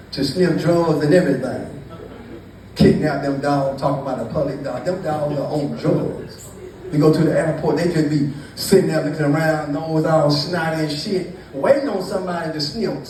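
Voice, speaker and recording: A man's voice: a little high, a little mellow. A man doing stand-up storytelling to a live crowd, loose and profane, teasing the audience. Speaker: stand-up comedian. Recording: echoey, distant mic with noise.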